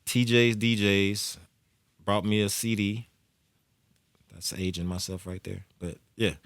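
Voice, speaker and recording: A low, bright-toned man spins a story in a relaxed radio interview. He speaks in a dry studio sound and jumps into higher, exaggerated voices when he quotes people. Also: slow pace, no room sound. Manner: animated storyteller, acts out quotes in high voices. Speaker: music executive guest. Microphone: studio microphone.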